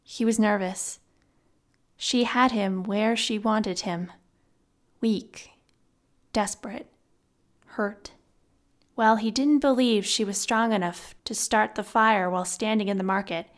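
A woman reading a fantasy novel aloud as scripted narration, in a subdued, measured voice. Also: medium pitch. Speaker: audiobook narrator.

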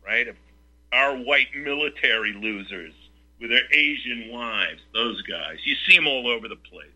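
A man's voice: mid-range voice, bright, forceful tone. A man hosting a talk radio show, ranting combatively and firing off rhetorical questions. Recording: lo-fi radio sound.

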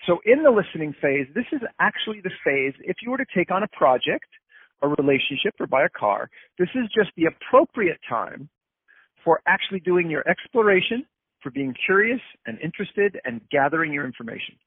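A man's voice: sits high, very animated, brisk, slightly rough, no echo. A man as an interview guest, explaining ideas through acted-out everyday examples. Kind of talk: casual interview talk. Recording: tinny phone-line sound.

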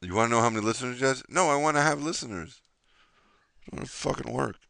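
Brief: low-voiced man host, lively pitch, sarcastic grumbler, smooth, clear tone. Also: quick pace, no room sound. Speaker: podcast host. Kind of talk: casual chat.

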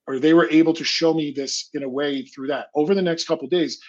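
Husky-voiced man telling a personal story. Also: a little high, fairly even intonation, quick pace, highs cut off. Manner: casual, filler-heavy, often acting out his own past voice. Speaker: guest telling his story. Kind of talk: casual storytelling in an interview.

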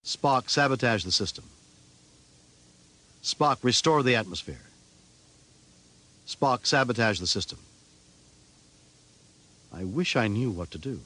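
A husky starship captain. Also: male voice, mid-range voice, lively intonation, takes it slowly, long pauses, pushed and bright, exaggerated voice. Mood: commanding. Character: starship captain giving orders, man, middle-aged, commanding. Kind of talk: archive TV drama outtake.

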